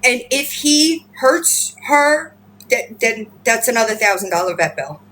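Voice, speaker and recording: Slow-talking woman on a phone livestream, a bit high-pitched, cussing and chatty, with faint noise behind her. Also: big pitch swings, fairly bright tone, low-quality recording. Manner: profane, rambling, and chatty, switching to high baby-talk with her pets. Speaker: livestream host. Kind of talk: casual livestream chat. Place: at home with pets.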